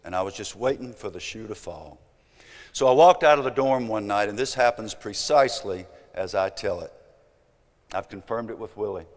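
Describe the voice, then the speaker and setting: A man in his seventies with a Southern US accent, telling an emphatic motivational story that swings from loud to hushed. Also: on the low side, moderate pace. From American South. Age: 70s. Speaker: speaker. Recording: long hall reverb.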